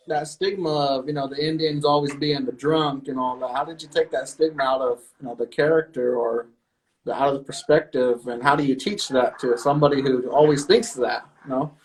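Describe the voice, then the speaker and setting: A man hosting a podcast, asking questions in a relaxed, casual way and affirming his guest. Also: fairly high pitch, fairly quick. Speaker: podcast host. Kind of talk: casual interview. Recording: voice distant from the mic.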